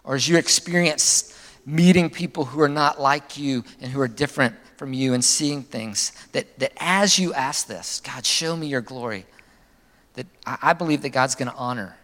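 A male pastor delivering a sermon in an animated manner, his pitch jumping up for emphasis and sinking low at the end of phrases. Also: normal speed, in a large hall.

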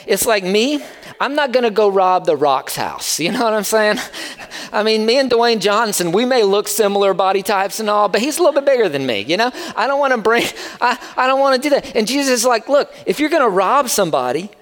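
Animated high-voiced male preacher in hall. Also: fairly quick. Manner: conversational, animated preaching with asides. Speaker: pastor. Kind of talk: sermon. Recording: long hall reverb.

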